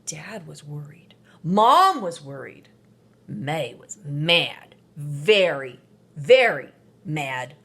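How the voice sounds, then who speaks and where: A woman reading a children's storybook aloud, slow and expressive, often dropping to a whisper. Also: sits low, breathy edge. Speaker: parent reading to her children.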